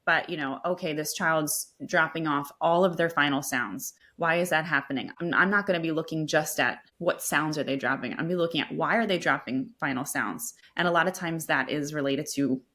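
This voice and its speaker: A woman's voice: sits low, a little fast, hardly any pauses, a bit bright. A woman speech-language pathologist, a podcast guest, explaining her methods at length and restarting sentences with repeated words. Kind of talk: expert explaining in a podcast interview.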